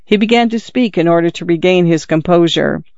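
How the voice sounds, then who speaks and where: A man reading a novel aloud as narrator, in steady, measured storytelling, in a dull lo-fi recording. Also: on the high side, gravelly, dry recording. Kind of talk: audiobook narration.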